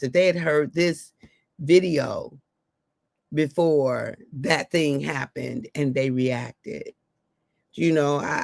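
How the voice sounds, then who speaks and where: A woman's voice: deep voice, gravelly, dry recording, studio quality. A woman hosting a morning live stream, giving a motivational talk to her viewers, emphatic and affectionate, repeating her key phrases.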